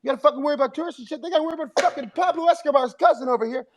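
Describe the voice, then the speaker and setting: A man doing an impression of a famous stand-up comedian, shouting and mocking with lots of swearing. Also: extremely high pitch, rapid-fire, over a noisy crowd, voice pushed up. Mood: ranting.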